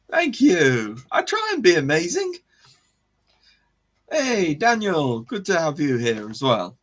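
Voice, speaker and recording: A man's voice: on the high side, huge pitch swings, slow, pauses often, a bit bright. A man hosting a casual live stream, rambling about history, correcting himself and chuckling as he greets viewers.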